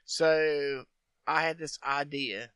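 A man's voice: fairly high pitch, slow pace, a little hiss or hum. A man telling a long story in a casual, profane chat, acting out what people said. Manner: profane, animated storyteller who acts out quotes.

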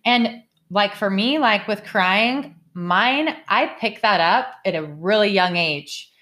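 A woman's voice: mid-range voice, lively intonation, takes it slowly, pushed and bright. A middle-aged woman hosting a casual podcast, speaking candidly and heartfelt, repeating points for emphasis. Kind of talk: casual conversational podcast chat.

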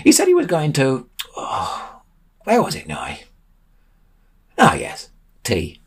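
Man putting on a muddled old man, high wavering voice, rambling, husky edge. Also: huge pitch swings, slow, heavily acted. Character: forgetful, doddering little old man.

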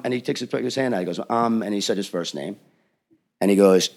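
A man on a podcast telling an animated story and acting out the people in it with emphatic delivery. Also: medium pitch, brisk, vocal fry. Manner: acts out the people in his story, lively and emphatic. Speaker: podcast guest.

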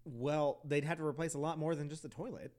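A man co-hosting a podcast, chatting casually, reacting with laughs and quick quips. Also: a little high, steady tone, a little mellow. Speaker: podcast co-host. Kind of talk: casual chat.

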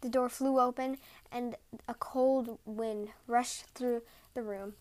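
A woman podcast host reading folk tales aloud in a gentle, measured way. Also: a little high, little pitch movement. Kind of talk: storybook reading.

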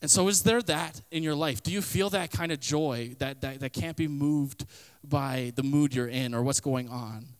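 A man's voice: fairly high pitch, normal speed, clean tone. A young man preaching a youth sermon in a casual, storytelling way, full of "like" and comic asides. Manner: frequent fillers like "like" and "kinda". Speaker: youth pastor.

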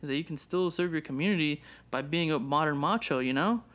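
A young man chatting loosely on a podcast, circling back over his words and cursing casually. His voice sits a little higher than most men's. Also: fairly quick, fairly bright tone. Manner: rambling, many restarts and swearing. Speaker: podcast co-host. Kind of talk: casual chat.

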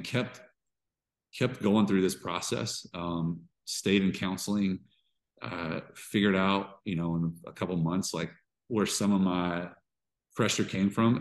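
A man, a pastor and podcast guest, speaking candidly and emotionally in a halting way with frequent restarts. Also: sits low. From Georgia. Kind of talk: candid interview conversation.

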